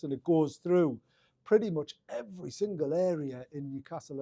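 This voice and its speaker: A man's voice: fairly high pitch, mellow, no echo, studio quality. A middle-aged man with a Geordie accent, telling his story in a casual interview, rambling with many restarts and fillers. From Northeast England. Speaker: guest.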